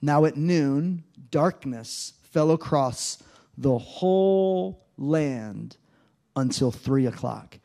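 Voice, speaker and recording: A man's voice: on the high side, expressive, extremely slow, gravelly, mellow. A man preaching a sermon, reading scripture aloud and acting out the mocking voices with drama. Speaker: pastor.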